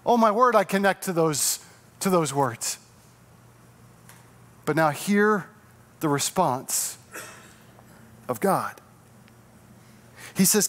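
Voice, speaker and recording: A middle-aged man preaching a sermon as a pastor, earnest and slowing down, growing softer to stress key words. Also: on the high side, animated.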